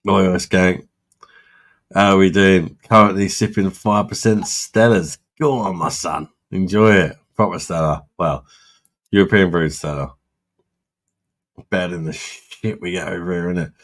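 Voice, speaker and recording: Man, very deep voice, live-stream host, blunt, swears a lot. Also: fairly even intonation, a little slow. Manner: blunt and sweary, laughs often. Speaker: livestream host reading chat. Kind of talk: casual live-stream chat.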